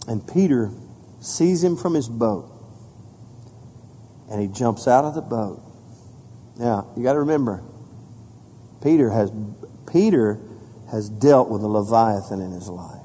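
A man preaching a sermon as pastor, reading scripture with rising emphasis and dropping low and soft for solemn points. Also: measured pace, pauses often, slightly rough. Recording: hall reverb.

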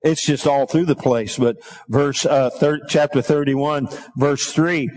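A middle-aged man with a high voice preaches a sermon. He reads scripture aloud, calls out to the congregation, and rises into a sing-song lilt when stirred. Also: steady tone, measured pace, darkish tone, low-quality recording. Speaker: pastor.

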